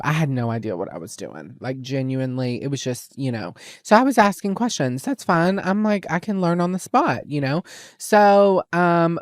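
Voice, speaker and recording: A man's voice: on the high side, dry recording. Young man, sassy storyteller who acts out every line of dialogue; dry close sound. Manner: animated, sassy, dramatic reenactments of dialogue. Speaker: podcast host. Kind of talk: casual storytelling chat.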